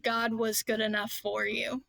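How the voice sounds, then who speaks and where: A woman with a bright, fairly high voice talks through her thoughts as a podcast guest. Her delivery is earnest and reflective, often slowed by "um" and "like." The sound is close and dry. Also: flat delivery, gravelly, dry recording. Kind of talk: casual conversation.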